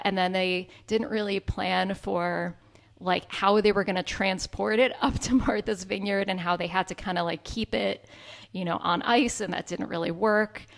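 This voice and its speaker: A woman co-hosts a casual podcast chat in a mid-pitched, gravelly voice. She talks in loose runs, full of fillers. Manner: chatty, filler-heavy. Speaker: co-host.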